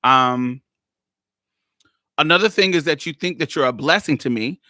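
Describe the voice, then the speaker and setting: A woman's voice: sits low, sharp tone, no room sound, studio quality. A woman podcast host telling a story in a blunt, exasperated way, laughing often and swearing freely. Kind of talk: casual storytelling monologue.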